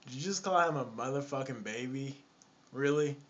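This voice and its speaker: A man's voice: medium pitch, moderate pace, fairly bright tone, muffled recording. A man telling a casual anecdote in a chatty, exasperated way, often repeating himself. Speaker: storyteller.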